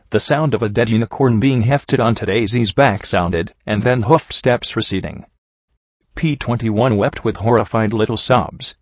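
Low-voiced man narrating a story. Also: moderate pace, dry recording. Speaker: audiobook reader. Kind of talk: scripted narration. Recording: dull dry recording.

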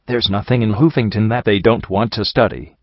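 Guy doing a calm dignified unicorn prince, courteous and proud, low voice, dry dull recording. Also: fairly quick, dry recording, close to an everyday voice.

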